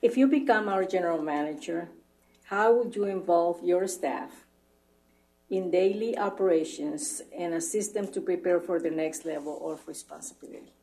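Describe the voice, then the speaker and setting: A woman puts formal questions to a candidate in a polite, even way. Her voice is lowish and mellow, soft at the edges. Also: moderate pace, poor audio. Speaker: interviewer.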